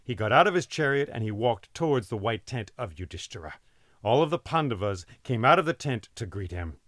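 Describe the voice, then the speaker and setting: A man telling an epic tale aloud in an expressive, dramatic way. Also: mid-range voice, brisk, no room sound, studio quality. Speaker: storyteller. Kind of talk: oral storytelling.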